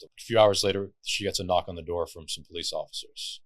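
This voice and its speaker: Deep-voiced man telling animated stories. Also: fairly quick, no room sound. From Lebanon. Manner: animated storyteller, swears casually. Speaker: podcast guest. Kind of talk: casual podcast chat.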